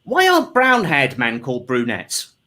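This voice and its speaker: A man's voice: medium pitch, huge pitch swings, moderate pace, bright, forceful tone. A man hosting a comedy panel show, rambling and self-deprecating with lots of ums.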